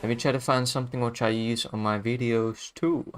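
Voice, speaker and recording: A man's voice: medium pitch, steady tone, a little fast. A man chatting casually on his livestream as a music producer, laid-back and chuckling often, trailing off mid-sentence.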